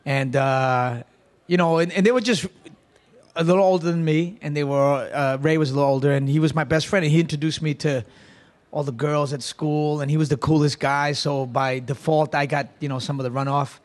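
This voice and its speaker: A man's voice: on the high side, fairly even intonation, brisk. A man, a guest in an interview, telling stories in a rambling, self-mocking way with many restarts. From Queens, New York. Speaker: guest, comedic performer. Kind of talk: casual interview talk.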